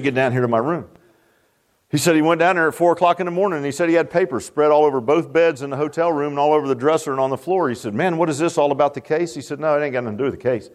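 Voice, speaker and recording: A man delivers a sermon in a folksy, emphatic way. His voice sits somewhat high and rises and drops sharply as he drives his points home. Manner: folksy, emphatic, dramatic swings in pitch. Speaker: preacher.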